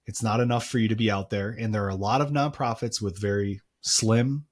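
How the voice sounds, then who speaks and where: A man's voice: lowish voice, fairly even intonation, fairly quick. A man co-hosting a marketing podcast, talking casually with many fillers and restarts. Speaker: podcast co-host.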